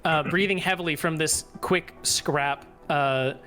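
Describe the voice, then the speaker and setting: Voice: mid-range voice, measured pace, sharp tone, soft background music. A game master narrating a tabletop fantasy game with plenty of swearing and laughter. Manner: profane, laughs while narrating.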